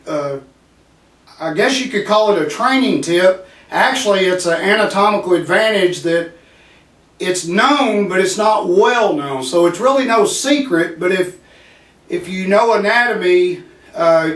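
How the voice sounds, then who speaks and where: A man with a fairly high voice explains grip training to his viewers in an earnest, step-by-step way. He often restarts a phrase and checks in with "okay." The sound is roomy and echoey, picked up from some distance away from the mic. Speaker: vlogger demonstrating grip training. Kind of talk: casual instructional talk to camera.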